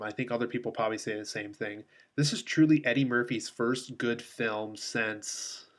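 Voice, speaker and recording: A man giving a casual spoken movie review, rambling along with many filler ums and restarts. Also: medium pitch.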